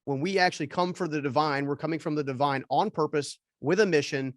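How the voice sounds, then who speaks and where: A man's voice: a little high, brisk, no echo, clean studio sound. A man hosting an interview, talking in a searching, rambling way and checking in with "right?". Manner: searching, repeats words and restarts, ends points with "right?". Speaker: podcast host. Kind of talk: casual interview chat.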